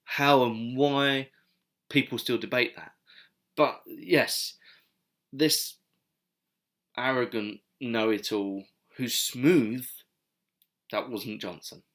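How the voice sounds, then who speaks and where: A man's voice: mid-range voice, a bit bright. A man giving casual, digressive history commentary with wry asides. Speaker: video essayist.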